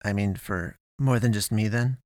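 A man voicing a bewildered, anxious young man lost after death, his questions jumping up in pitch. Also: normal speed, a little mellow, no room sound, studio quality, close to an everyday voice. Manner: rising, incredulous questions.

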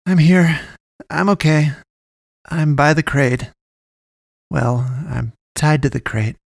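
A man voicing a captive young woman who answers plainly and calmly. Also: sits low, slow pace, creaky, no echo, clean studio sound, voice pushed up, full character voice. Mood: steady. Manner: plain, understated.

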